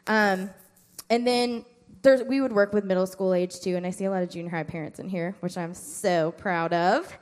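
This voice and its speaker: Middle-aged woman, parenting class speaker, casual and animated, does kids' voices in her stories. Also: normal speed, long reverb tail. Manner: animated storytelling, acting out children's high-pitched replies. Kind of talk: informal talk to a parent group.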